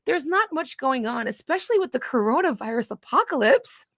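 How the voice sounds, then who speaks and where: A woman voicing a dull adult man, reading his bland text replies aloud in a mocking, flat way. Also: sits high, a little fast, no echo, exaggerated voice.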